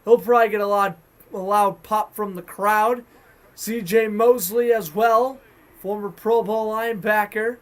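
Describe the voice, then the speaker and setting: Man with boston accent, fan sports commentator, high voice, chatty, excited, self-correcting. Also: a little slow.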